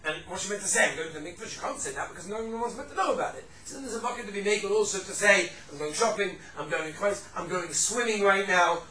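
A man teaching a casual halacha class, animated, acting out quoted speakers and mixing in Yiddish and Hebrew terms. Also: high voice, roomy sound, recorded from a distance, poor audio. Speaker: Torah teacher.

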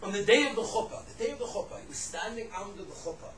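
This religious teacher talks fast in a high-pitched, sing-song, fairly bright voice while lecturing on Jewish law and ethics. His stories are animated, his phrases repeat, and Hebrew and Yiddish terms come through often. He sits far from a set-back mic in an echoey room, with faint background noise.

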